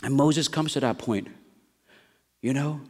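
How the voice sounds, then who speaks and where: A middle-aged man preaching a sermon, moving between quiet storytelling and rising exhortation. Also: medium pitch, a little slow. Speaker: pastor. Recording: long hall reverb.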